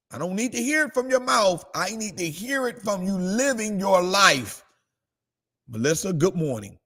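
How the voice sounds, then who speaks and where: Pastor guy doing a morning devotional, kinda high voice, gets fired up. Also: moderate pace. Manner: preachy, shifts between calm reading and excited high exclamations.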